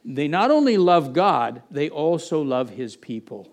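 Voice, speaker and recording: A man's voice: a little high, sing-song, measured pace. A middle-aged male pastor preaching a conversational sermon, with frequent restarts and asides to the congregation.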